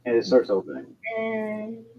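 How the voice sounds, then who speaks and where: A man's voice: sits high, huge pitch swings, moderate pace, slight background noise. A man narrating as game master in a tabletop game, rambling and hesitant, with lo-fi stream audio. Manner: rambling, hesitant, lots of fillers and restarts.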